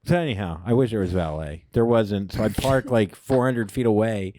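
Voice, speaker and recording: A man co-hosting a casual comedy podcast, telling a story with lively jumps in pitch and swearing. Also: normal speed, a little hiss or hum. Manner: animated storytelling, acts out quoted voices. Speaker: podcast co-host.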